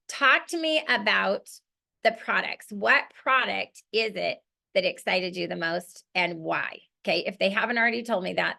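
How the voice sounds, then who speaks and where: A middle-aged woman teaches her team how to run welcome calls and acts out the script in an upbeat, coaching tone. Her voice is bright and forceful, with a gravelly fry at the ends of phrases. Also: mid-range voice. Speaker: network marketing team leader. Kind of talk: training call.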